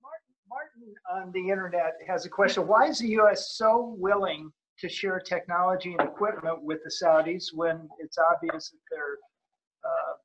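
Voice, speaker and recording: A man acts as moderator, briefly reading out questions from the audience and the internet. His voice is high for a man and comes through dull and lo-fi, with faint noise behind it. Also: normal speed, a bit bright.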